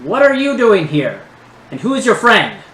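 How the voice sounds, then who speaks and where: A man puts on the shrill, nerdy voice of a fussy inventor who scolds his creation in an indignant tone. The voice sits high, and it echoes around a roomy space with a faint hiss behind it. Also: wildly swooping pitch, moderate pace, a bit bright, exaggerated voice.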